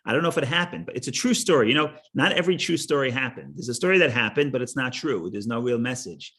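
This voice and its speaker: A man teaching a Torah class, halting, repeating words and restarting, and explaining with stories and jokes. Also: medium pitch, a bit bright.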